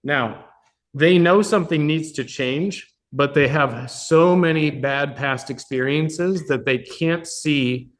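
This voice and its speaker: A business coach hosts a mastermind workshop for a live audience in a meeting room, speaking slowly in a fairly high-pitched voice. He is blunt and swears a lot, often pausing to check in with the room.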